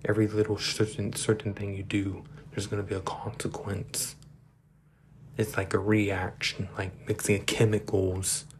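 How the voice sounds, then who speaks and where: Low, flat-voiced man rambling through a solo podcast, halting, slipping into whispers, faint hiss behind. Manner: halting, self-correcting, drifts into whispers. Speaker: podcast host.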